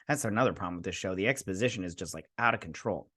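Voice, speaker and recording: A man hosting a casual review show recaps an episode in a sarcastic, exasperated ramble packed with fillers and restarts, briefly mimicking the characters' lines mid-story. His voice is fairly low, fairly bright, and he talks fast.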